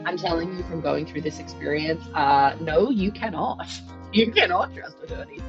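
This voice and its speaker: A woman's voice: deep voice, moderate pace, hardly any pauses, muffled recording. A woman streamer giving casual gaming commentary in an exclaiming, incredulous way. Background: game music.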